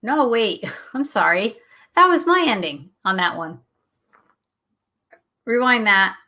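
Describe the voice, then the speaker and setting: A middle-aged woman hosting a show, teaching a Bible study in a conversational, animated way and laughing at herself now and then. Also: medium pitch, slow. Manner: animated, chatty, acts out quotes, laughs at herself.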